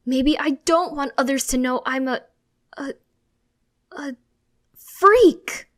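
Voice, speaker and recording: A woman's voice: a little high, big pitch swings, takes it slowly, a little mellow. A woman voicing a whiny, anxious teenage boy who stammers when flustered. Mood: upset.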